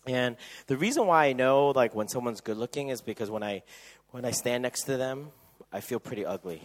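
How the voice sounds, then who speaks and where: A man speaking at a youth camp, telling funny stories sermon-style and acting out other people's voices with loud shrieks. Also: mid-range voice, brisk. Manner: animated, acts out quoted voices with loud shrieks. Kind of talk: humorous sermon storytelling.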